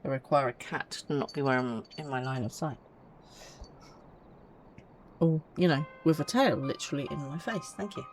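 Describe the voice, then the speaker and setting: A woman's voice: sits low, moderate pace, long pauses. A woman streaming a game, chatting casually and reading game dialogue aloud, with asides to her pets. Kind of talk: casual let's-play commentary. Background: game music.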